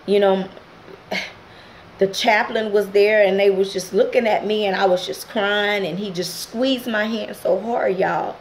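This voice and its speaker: A middle-aged woman with a mid-range voice hosts her channel, the audio poor with slight background noise. In a personal testimony vlog, she speaks directly to viewers with emotion as she recounts a painful family story.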